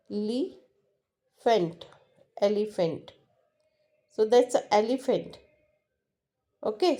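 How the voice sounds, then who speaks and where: Lady teaching slow, mellow voice, kinda high, lots of uhs and restarts. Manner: slow and repetitive, with frequent fillers and restarts. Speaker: English teacher. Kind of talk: classroom lesson explanation.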